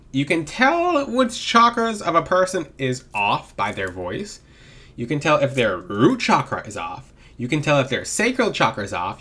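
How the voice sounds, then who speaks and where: Man with a swooping, lively voice. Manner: animated, swooping pitch to demonstrate; rambling with frequent restarts. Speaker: spiritual voice coach. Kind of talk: casual advice vlog.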